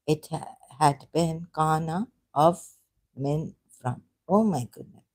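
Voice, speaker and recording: Slow, halting woman thinking aloud. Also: low voice, a little mellow, no room sound. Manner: halting, self-correcting, hesitant. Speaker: live streamer. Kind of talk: thinking-aloud live stream monologue.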